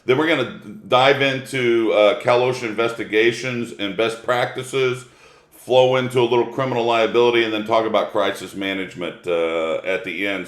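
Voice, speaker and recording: Brief: middle-aged male presenter, casual and joking, low-pitched, recorded in a roomy space. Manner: folksy, joking storyteller. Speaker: webinar presenter. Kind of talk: casual webinar lecture. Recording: echoey room.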